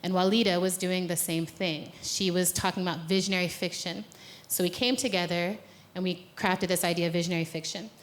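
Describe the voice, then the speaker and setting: This is a woman from the United States, both speaker and organizer at a conference venue, who first guides the audience through an exercise and then talks from the stage. She sounds fairly low and fairly even in pitch, moves a little fast, and stays playful and chatty, often chuckling at her own humor.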